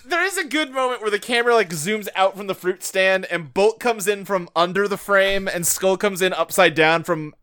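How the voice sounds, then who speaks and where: A podcast co-host chatting casually, dropping quick agreeable asides. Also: mid-range voice, lively intonation, fairly bright tone, clear, resonant tone. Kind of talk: casual chat.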